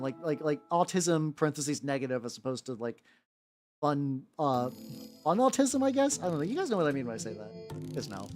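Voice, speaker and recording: Male streamer chatting with chat, lively up-and-down delivery, loose rambling talk, faint music underneath. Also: on the high side. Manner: rambling, halting, many restarts and fillers. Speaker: streamer painting miniatures. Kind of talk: casual livestream chat with viewers. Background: faint background music.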